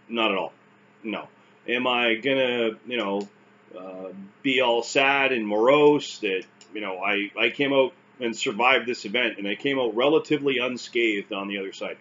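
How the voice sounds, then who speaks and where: A man's voice: medium pitch, fairly bright tone. Canadian man, casual vlog delivery, wry and self-deprecating, lo-fi muffled sound with faint hiss. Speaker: vlogger recounting stroke recovery. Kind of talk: casual talk to camera.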